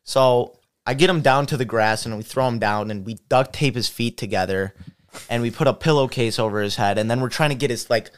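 A man's voice: medium pitch, fairly quick, clear, resonant tone. A young man telling a story in a casual chat, rambling with lots of fillers.

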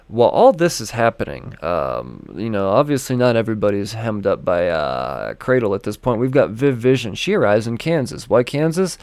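A man's voice: mid-range voice, a little mellow, clean tone, no echo. A man casually reviewing comic books, rambling and joking with frequent swearing. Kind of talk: casual chat.

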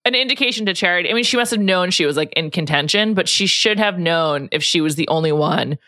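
Brief: woman host, low-pitched but bright, chatty and quick to laugh, dry close sound. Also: expressive, dry recording. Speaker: podcast host. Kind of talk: casual chat.

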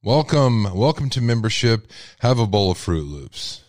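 Man, Texas accent, deep voice, lively swings in pitch, dry close sound, casual livestream host. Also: a little slow, no room sound. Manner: animated, exclaiming in disbelief. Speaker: podcast host.

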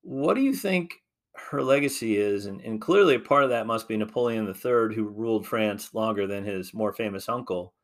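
A man with a fairly low voice hosts a casual podcast interview. He asks loose questions and keeps encouraging his guest with quick affirmations. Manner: affirming, with frequent backchannel "mm-hmm". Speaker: podcast host.

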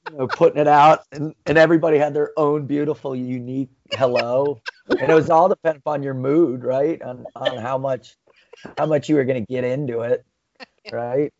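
Man, gravelly voice, casual rambling chat, dry dull recording. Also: medium pitch, fairly even intonation, moderate pace, noisy background. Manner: rambling, lots of restarts.

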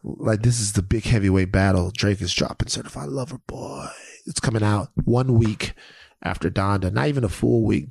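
A man's voice: on the low side, vocal fry, breathy edge, dry recording. A man co-hosting a podcast in casual, jokey chat, breaking into bits and voices. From Southern US. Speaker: podcast co-host.

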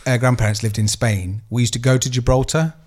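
A man's voice: mid-range voice, steady tone, a little fast, darkish tone. Man rambling through a story. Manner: rambling anecdotal storytelling, swears freely. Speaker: podcast co-host. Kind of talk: casual chat.

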